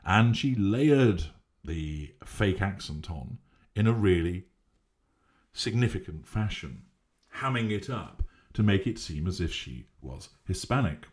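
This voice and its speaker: A man giving a measured, emphatic, lecturing analytical monologue. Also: deep voice, sing-song, a little mellow. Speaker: commentator on narcissism.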